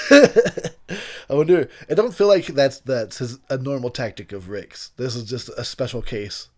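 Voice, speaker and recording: A man's voice: medium pitch, moderate pace, darkish tone. A man giving casual movie commentary while intoxicated, rambling and profane, laughing often and losing track of names mid-sentence. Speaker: film commentator.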